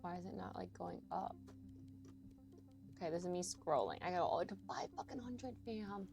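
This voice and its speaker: A young woman talks her way through a game on a live stream, swearing freely and calling out to her chat. Her voice sits low with a gravelly edge, and her pitch swings widely. Faint music plays behind her. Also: huge pitch swings, moderate pace, a little mellow. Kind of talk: casual live-stream commentary while gaming.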